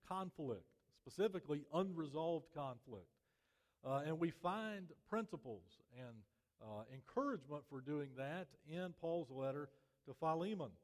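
Pastor preaching in a reverberant hall. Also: male voice, fairly high pitch. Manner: measured preaching, drops softly at phrase ends. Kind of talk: sermon. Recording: long reverb of a church hall.

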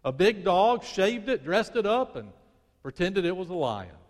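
A man preaching a sermon as pastor, swinging from loud emphasis to hushed prayer. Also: sits high, big pitch swings, a little slow. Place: church sanctuary. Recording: long church hall reverb.

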